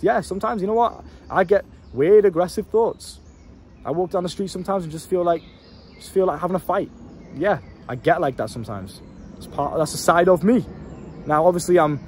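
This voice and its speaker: A man's voice: high-pitched, darkish tone, slight background noise. A young man, a self-improvement coach giving an unfiltered, passionate vlog monologue, blunt and full of swearing. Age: young adult.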